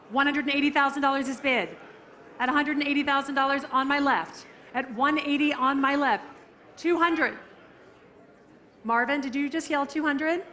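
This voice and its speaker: A woman working as an auctioneer, calling bids briskly and teasing the bidders in a live auction room. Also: high voice, pushed and bright.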